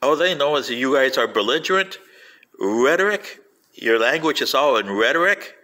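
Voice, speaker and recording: An older man rambling through a personal anecdote, acting out quoted voices with lively storytelling. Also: medium pitch, normal speed. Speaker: vlogger playing an alien commentator.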